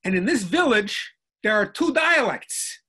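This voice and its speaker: A man's voice: sits high, sing-song, measured pace, sharp tone, breathy edge. An older man, a linguistics professor, lecturing in a professorial, step-by-step way over a video call and checking in with listeners as he explains. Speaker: linguistics professor, guest speaker. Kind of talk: lecturing in a virtual conversation.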